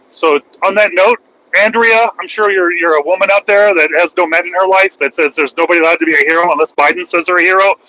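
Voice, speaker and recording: A middle-aged man, a truck driver, ranting loud, profane and mocking on a livestream. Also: high-pitched, gravelly, slight background noise, low-quality recording. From United States. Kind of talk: livestream rant.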